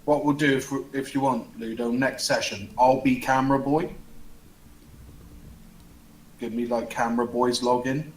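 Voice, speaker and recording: A man's voice: medium pitch, fairly even intonation, moderate pace, long pauses, echoey room, recorded from a distance, slight background noise, rough recording. A man playing a tabletop game, chatting casually over voice chat. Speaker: player.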